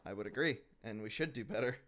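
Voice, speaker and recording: A man at a middle pitch, co-hosting a casual podcast chat. He argues his points and often stumbles and restarts. He fills gaps with small hesitations. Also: fast talker, a bit bright. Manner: argumentative, restarts sentences, frequent uh and like. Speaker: podcast co-host.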